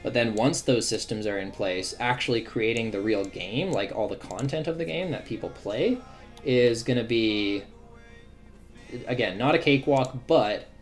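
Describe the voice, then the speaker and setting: A man streaming live as a game developer, chatting casually and thinking aloud as he works, with lots of fillers and restarts. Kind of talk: casual livestream commentary while working. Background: faint drum and bass music.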